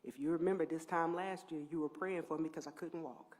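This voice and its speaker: A middle-aged woman who heads a housing agency gives a heartfelt public speech at a press event. She swings from near-whispers to loud, emphatic peaks as she thanks people, speaking into a podium microphone. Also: deep voice, steady tone, a little fast, hardly any pauses.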